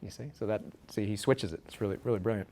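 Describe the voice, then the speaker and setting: A man preaching a sermon, telling a story with frequent restarts and repeated words, his pitch rising on emphasized words. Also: fast, darkish tone.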